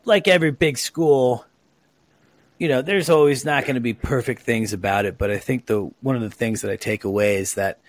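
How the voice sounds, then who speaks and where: A man's voice: on the low side, dry recording. Chatty podcast host man, dry sound. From Oregon, USA. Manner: chatty, rambling with many fillers. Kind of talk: casual podcast chat. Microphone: own mic on a remote call.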